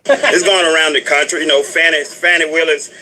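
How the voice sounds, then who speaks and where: Bright-voiced man, blunt and emphatic. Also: a little high, steady tone, a little fast. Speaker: rally supporter interviewed on the street. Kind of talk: street interview. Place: outdoors at a street demonstration.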